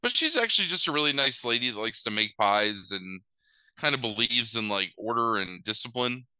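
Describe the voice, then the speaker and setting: Bright, crisp man giving a rambling recap. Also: medium pitch, animated, moderate pace, dry recording, poor audio. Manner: rambling, full of "like" and "um", wry asides. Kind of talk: casual movie recap.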